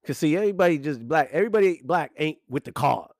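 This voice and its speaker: Casting: a high-voiced man who swings his pitch widely, speaking in a profane rant, close and dry. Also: quick pace, gravelly, no room sound. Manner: animated, profane, ranting with emphatic repetition. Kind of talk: profane monologue.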